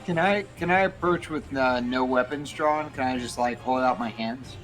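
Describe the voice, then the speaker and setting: A man's voice: mid-range voice, normal speed, a bit bright, faint music behind, rough recording. A man playing a tabletop role-playing game, talking casually and repeating words as he starts. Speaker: player.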